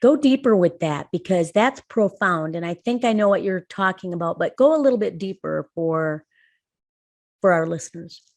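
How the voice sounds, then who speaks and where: Low-voiced woman telling earnest stories. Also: expressive, moderate pace, darkish tone. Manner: earnest storyteller, emphatic rises. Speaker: podcast co-host. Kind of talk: conversational podcast chat.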